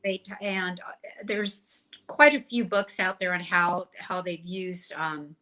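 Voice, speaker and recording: A woman hosting a podcast interview, hesitant and halting as she asks a question. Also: fairly low pitch, pushed and bright. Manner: hesitant, with fillers and restarts. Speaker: podcast host.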